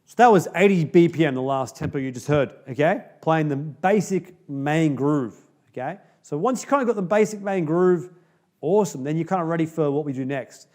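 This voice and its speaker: A man's voice: on the high side, lively intonation, normal speed, darkish tone. A man teaching a drum beat in a casual video lesson, upbeat and chatty, often checking in with "okay?".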